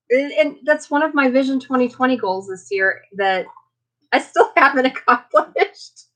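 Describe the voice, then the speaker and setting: A woman with a fairly high, slightly bright voice hosts a casual livestream chat with her viewers. She rambles and uses lots of fillers, sounding tired and emotional as she recovers from being sick.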